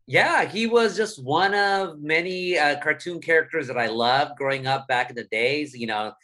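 A man from Southern California, talking in a casual interview as a guest columnist, animated and full of fillers. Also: on the high side, moderate pace. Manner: animated, many fillers, quotes his younger self.

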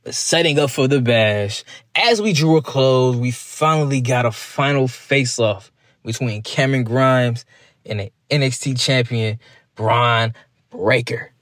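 A man with a mid-range, slightly bright voice gives a casual, rambling recap review of a wrestling show. The recording is studio quality with no room sound. He chats loosely with lots of asides, slipping into quick mock voices.

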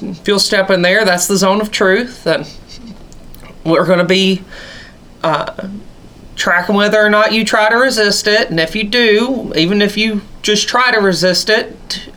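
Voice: mid-range voice, a bit bright, lightly acted. A game master voicing a welcoming, folksy male tribal king of a roaming tribe in a tabletop game. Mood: stern.

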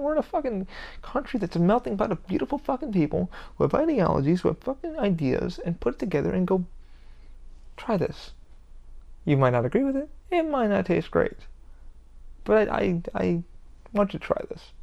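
Male solo podcaster, gravelly voice, profane and rambling, passionate and blunt. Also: sits high, a little mellow, highs cut off. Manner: heavy swearing, rambling and emphatic. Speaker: podcast host. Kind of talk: casual solo podcast rant.

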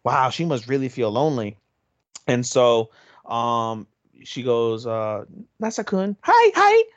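A man's voice: mid-range voice, takes it slowly, dry recording, muffled recording. A man co-hosting an anime podcast, retelling an episode in casual chat with lots of swearing and energy. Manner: energetic retelling, swears freely, slips into Japanese phrases. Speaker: podcast co-host.

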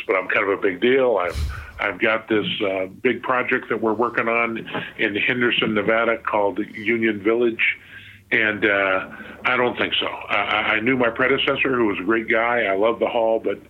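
A man from Southern California, a guest telling stories over the phone in a chatty way, full of fillers and restarts. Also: lowish voice. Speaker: guest, sports museum president. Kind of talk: phone interview storytelling. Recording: tinny phone line.

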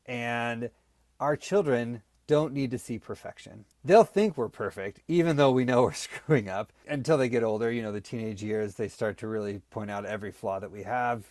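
A man in his thirties talks in an earnest, storytelling way, as on a relaxed podcast. His voice sits at an ordinary middle pitch. The recording is close and dry, with no room sound. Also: moderate pace, dry recording. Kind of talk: casual podcast talk.

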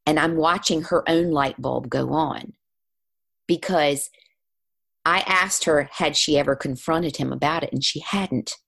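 Woman, gravelly low voice, lively storyteller who plays out the other voices. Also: a little slow. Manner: animated, acts out quoted voices. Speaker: guest, spiritual healer. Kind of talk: storytelling in conversation.

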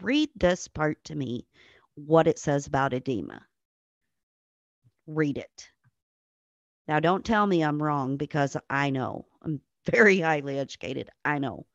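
Heard through a dry, muffled recording, a woman with a low-pitched voice shares casual podcast stories as a guest. She's a nurse, blunt and full of swearing, and she acts out the people she quotes.

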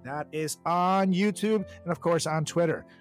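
A man hosting a casual comedy podcast, joking around in an animated way and laughing often. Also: on the high side, measured pace, soft background music. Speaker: podcast host.

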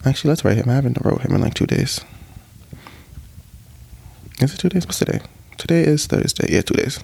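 Sassy young man with a gravelly voice. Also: a little fast. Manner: sassy, expressive, swears freely, jumps into playful high voices. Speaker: vlogger. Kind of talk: casual chat to camera.

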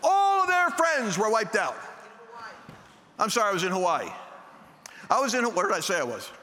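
In a sermon, a man tells a story with animation, acting out the voices of its characters. His voice is high and his speed normal, trailed by a long reverb tail.

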